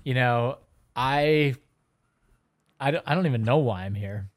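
A man playing a spy guessing game with friends, teasing them in deadpan banter. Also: mid-range voice, a little slow. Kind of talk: playful banter.

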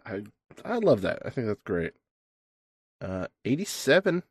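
A man's voice: lowish voice, sing-song, measured pace, breathy edge, no room sound. A man hosting an interview, asking numbered questions in a playful, encouraging way. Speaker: host.

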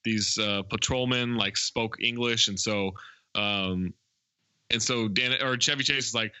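A man's voice: lowish voice, fairly even intonation, a little slow, sharp tone, clean tone, no echo. A man co-hosting a podcast, casually retelling a movie scene by scene with lots of ums and uhs. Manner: rambling scene-by-scene retelling with many fillers. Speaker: podcast co-host. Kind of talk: casual movie recap chat.

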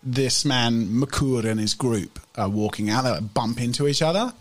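A man's voice: mid-range voice, moderate pace, faint music behind. A man narrating a tabletop game as game master in a casual, rambling way. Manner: casual, many fillers.

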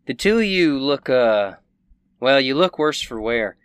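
A man voicing a gruff, misanthropic woman who brews potions, with a folksy, blunt and profane way of talking. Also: medium pitch, lively intonation, a little slow, dry recording, pitched above the performer's own voice, close to an everyday voice. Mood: folksy kindly. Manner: folksy, blunt, swears freely.

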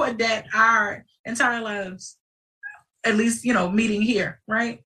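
Animated woman hosting a live show. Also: a little high, slow pace, recorded from a distance, rough recording. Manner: animated and digressive, with sudden outbursts. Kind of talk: casual livestream talk.

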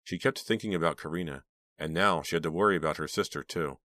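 A man narrating a teen thriller audiobook in a measured storytelling voice. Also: low-pitched, sharp tone, dry recording. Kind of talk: scripted narration.

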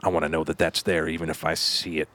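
A man playing a tabletop role-playing game, narrating his character's actions and jumping into loud mocking voices, with music behind. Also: a bass voice, flat delivery, fast talker.

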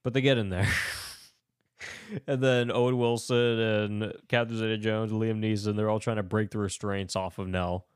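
A man co-hosting a casual podcast recap, animated and sarcastic, swearing and laughing often. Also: fairly low pitch, normal speed, clean tone, dry recording, clean studio sound. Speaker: podcast co-host recapping a movie. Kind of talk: casual chat.

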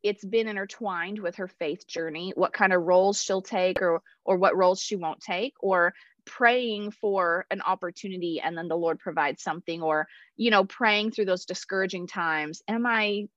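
A woman's voice: fairly low pitch, moderate pace, hardly any pauses, no room sound, highs cut off. A woman with a Texan accent hosting a casual faith podcast interview, chatty and affirming, asking long rambling questions. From Texas. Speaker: podcast host.

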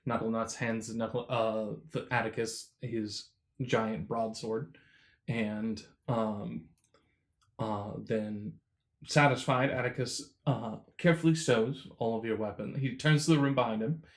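Man narrating a tabletop game. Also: on the low side. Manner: relaxed, halting narration with many fillers. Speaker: game master.

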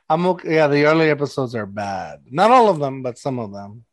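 A man chats loosely on his podcast, his voice sitting a little high. He rambles through stories and leans on "like" between his thoughts. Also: sing-song, moderate pace, no echo. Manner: rambling storyteller, lots of "like". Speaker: podcast host. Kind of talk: casual chat.

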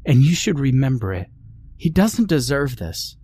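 A man's voice: medium pitch, sing-song, normal speed, dark tone, a little hiss or hum, voice pushed up, close to an everyday voice. A man voicing a blonde mother on the verge of tears. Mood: tearful. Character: tearful blonde mother, pleading.

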